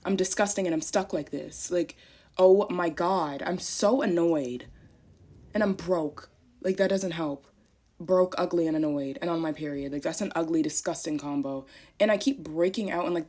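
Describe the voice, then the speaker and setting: A woman's voice: on the low side, fairly even intonation, moderate pace, a little mellow. A young woman ranting casually to camera, irritated and dramatic, swearing often. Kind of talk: casual vlog rant.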